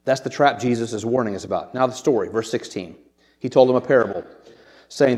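A man preaching in an earnest, conversational way, at an ordinary mid pitch for a man, often repeating a word as he gathers his thoughts. His voice rings out with a long hall reverb. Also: fast, darkish tone. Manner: earnest, conversational, repeats words while thinking. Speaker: pastor. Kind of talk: sermon.

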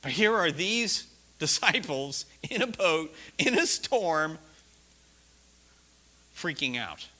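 A man preaching a sermon, telling a personal story with laughter and sudden shouted lines. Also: a little high, very animated, slow, long pauses.

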